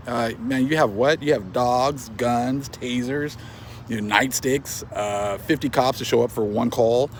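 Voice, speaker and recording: A man's voice: medium pitch, unhurried, slight background noise. A man with a young son gives a casual, mocking commentary monologue, laughing often and calling listeners man and bruh. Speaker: online commentator.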